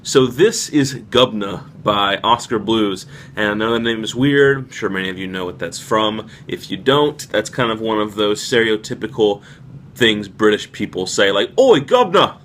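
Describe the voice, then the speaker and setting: A man talking casually to the camera as he reviews a beer, relaxed and descriptive, with frequent fillers. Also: lowish voice, normal speed, slight background noise.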